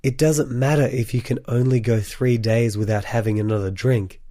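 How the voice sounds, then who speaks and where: A man's voice: medium pitch, steady tone, moderate pace, mellow, no room sound, clean studio sound. A man hosting a solo podcast, speaking earnestly and encouragingly to his listeners in a voice still sick from a cold. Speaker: podcast host.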